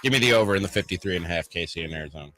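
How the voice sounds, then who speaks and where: Male co-host, bright voice, thinks out loud, radio studio. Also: deep voice, animated, rapid-fire, soft background music. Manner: thinks aloud, changes his mind mid-pick. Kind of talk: casual sports talk.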